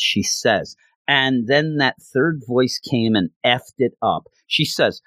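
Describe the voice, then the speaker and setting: A man's voice: medium pitch, animated, slow pace, bright, forceful tone, dry recording. A man reviewing a comic book in a casual, rambling, passionate way, with lots of fillers.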